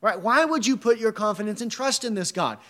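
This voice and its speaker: A man's voice: high voice, animated, a little fast, fairly bright tone. A man preaching a sermon, reading scripture and asking emphatic rhetorical questions.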